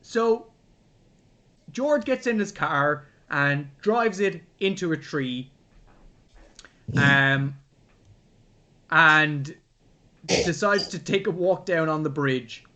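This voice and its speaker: Animated man reviewing a film. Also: on the high side, extremely slow, long pauses. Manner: animated, swearing, acts out scenes. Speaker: podcast co-host. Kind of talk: casual film review chat.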